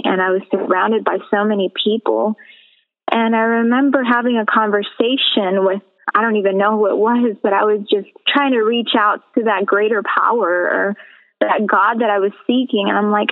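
A woman from the Caribbean, a guest on a radio interview, telling her personal testimony in an earnest, measured way over a phone line. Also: mid-range voice. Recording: tinny phone-line audio.

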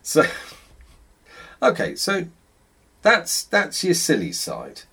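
A man's voice: fairly high pitch, wildly swooping pitch, extremely slow, bright, forceful tone, breathy edge. A man hosting a casual podcast chat, dry and teasing, hesitating between phrases. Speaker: podcast host.

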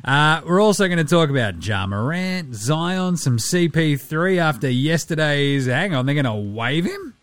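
A man's voice: on the high side, sing-song, unhurried, few pauses, a bit bright, no room sound. A man hosting a casual sports podcast, brash, profane and jokey. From Australia. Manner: brash, profane, jokey, puts on voices for quotes. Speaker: podcast host.

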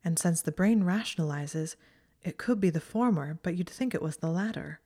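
A woman's voice: moderate pace, dark tone. A woman voicing an emotional young witch who sobs and strains her voice through tears. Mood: earnest. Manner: sobbing, high and strained while crying. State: crying.

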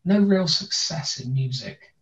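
Speaking in an unhurried, expressive, slightly bright voice of medium pitch, a young podcast host chats casually with a thick accent from Bristol, England. He rambles with lots of fillers and restarts, faint music plays behind him, and the recording sounds roomy, distant and dull.

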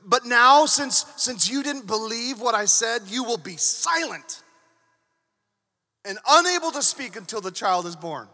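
A preacher plays a furious angel who towers over the listener and shouts his rebuke. The voice is high and piercing, ringing through a big reverberant hall. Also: lively intonation, unhurried, exaggerated voice. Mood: stern. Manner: shouting, indignant. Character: furious towering male angel, commanding and stern. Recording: echoey hall with long reverb.

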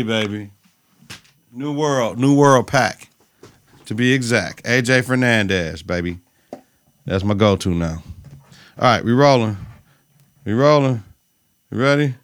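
A man's voice: medium pitch, a bit bright. A man hosting a podcast, recapping a TV episode in loose, slang-heavy casual chat with repeated catchphrases.

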